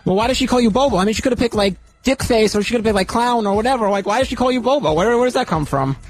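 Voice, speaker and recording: A man with a notably high voice and a very quick pace hosts a call-in radio show. He presses the same questions again and again, barely pausing between them. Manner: rapid, repetitive questioning.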